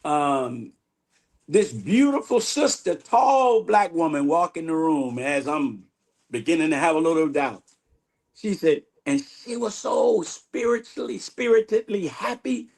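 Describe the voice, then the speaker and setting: A man giving an animated spiritual testimony in an interview, acting out the dialogue he recounts. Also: on the high side, measured pace, gravelly. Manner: animated storyteller, acts out quoted dialogue. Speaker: guest minister.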